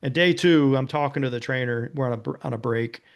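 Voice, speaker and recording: A man's voice: medium pitch, fairly quick, gravelly. Earnest man telling his story. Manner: earnest, anecdotal, peppered with "you know" and "right?". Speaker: interview guest, nonprofit founder. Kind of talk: casual conversational storytelling.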